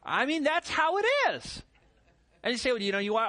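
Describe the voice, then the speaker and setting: A middle-aged man preaching a sermon as pastor, animated, with rhetorical questions and mimicked voices. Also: very high-pitched, brisk.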